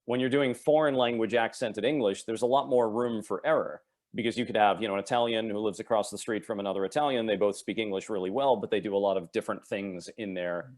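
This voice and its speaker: A man's voice: lowish voice, fairly even intonation, quick pace, darkish tone. A man from New York who works as an audiobook narrator and dialect coach, explaining things at length in casual chat. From New York, Long Island.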